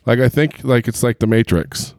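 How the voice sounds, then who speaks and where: A man hosting a casual interview podcast, reacting with quick exclamations. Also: medium pitch, expressive, darkish tone. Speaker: podcast host.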